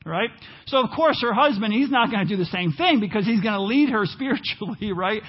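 A man preaching a sermon in church, animated and at times rising almost to a shout. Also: high voice, brisk, slightly rough, muffled recording. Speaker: pastor.

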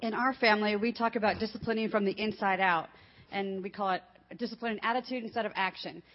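A woman's voice: medium pitch, fairly even intonation, quick pace, lo-fi sound. An older woman, a grandmother, speaking from a church stage into a handheld microphone, telling a family story in a chatty way with laughs. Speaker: guest speaker. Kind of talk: sermon testimony.

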